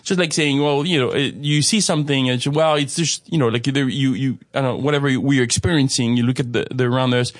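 A man's voice: mid-range voice, fairly even intonation, quick pace, hardly any pauses, no room sound, clean studio sound. A man hosting a conversational religious discussion, rambling with many restarts and frequent rhetorical "right?" checks.

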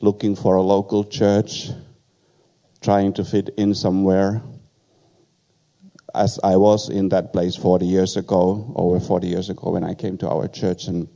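An older man with a foreign accent, sharing a personal testimony with humor as a guest speaker at a church, in a halting storytelling way with many fillers. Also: low voice, monotone, creaky, warm tone. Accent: foreign accent in English.

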